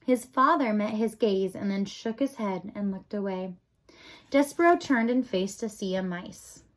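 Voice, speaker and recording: A woman reading a children's storybook aloud in an expressive, lively way. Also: medium pitch, a little slow. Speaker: audiobook reader. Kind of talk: storybook narration.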